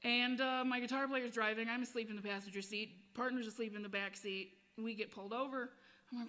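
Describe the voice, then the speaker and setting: A woman with a somewhat high voice tells a story between songs in a loose, casual way. She swears freely and laughs often as she talks. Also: fairly even intonation, a little fast, sharp tone. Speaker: singer-songwriter.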